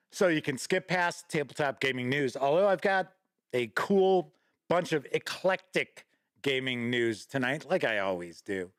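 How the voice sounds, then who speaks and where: A man's voice: on the high side, a bit bright, dry recording, studio quality. A man hosting a live-streamed gaming news show, chatty and folksy, greeting viewers by name and reading out news. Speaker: host.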